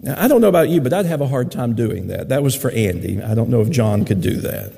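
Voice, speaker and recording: A man's voice: medium pitch, lively intonation, quick pace, vocal fry, dark tone, husky, long reverb tail. A man preaching a sermon, telling stories in a folksy way. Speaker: pastor.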